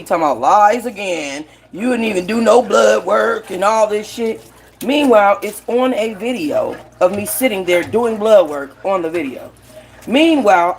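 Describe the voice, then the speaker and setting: A woman's voice: medium pitch, a little hiss or hum. Heated, profane young woman ranting. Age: young adult. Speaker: host. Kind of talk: casual gossip commentary.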